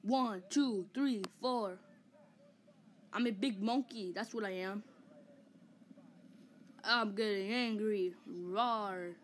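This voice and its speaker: A woman's voice: mid-range voice, slow, long pauses, a little hiss or hum, natural voice. King Kong, a cocky giant ape voiced by a woman. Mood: vain, boastful. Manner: cocky taunting banter with mock roars. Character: giant male ape, boastful, vain, quick to anger. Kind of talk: comic fan dub.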